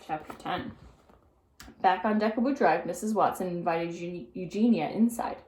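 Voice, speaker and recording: A woman narrating a children's book aloud in an expressive storytelling manner. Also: fairly low pitch, normal speed. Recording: roomy echo.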